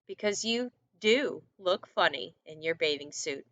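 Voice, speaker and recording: A woman's voice: fairly low pitch, expressive, a little slow, a bit bright. Frog, a woman reading a polite young frog. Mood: earnest. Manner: polite, plain storybook reading. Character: friendly earnest young male frog.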